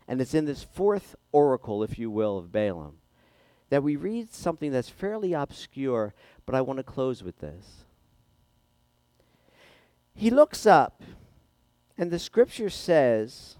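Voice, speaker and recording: Animated preacher man, slightly high voice. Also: normal speed, dry recording. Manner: animated storyteller, acts out voices. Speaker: pastor. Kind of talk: sermon.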